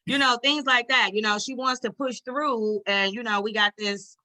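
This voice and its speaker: A woman's voice: a little high, steady tone, moderate pace, pushed and bright. A woman on a video call, talking heartfelt and rambling to a friend, swearing casually, getting emotional.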